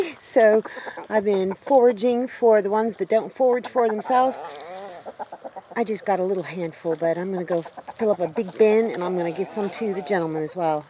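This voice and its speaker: A woman's voice: mid-range voice, a little hiss or hum. A woman vlogging on her homestead in a rambling, chatty way, often turning to talk to her animals. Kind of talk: casual vlog chat. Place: outdoors in a homestead yard.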